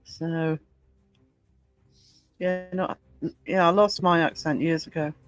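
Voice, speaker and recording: A woman's voice: on the low side, fairly even intonation, slow, faint music behind, low-quality recording. Chatty Northumbrian woman hosting a livestream. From Northumberland, England. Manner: chatty, reads chat comments aloud. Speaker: livestream host. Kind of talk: casual chat with live viewers.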